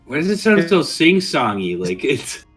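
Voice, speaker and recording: A man's voice: fairly high pitch, very animated, normal speed, over loud music. Man player making dry quips. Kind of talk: casual chat in a tabletop game.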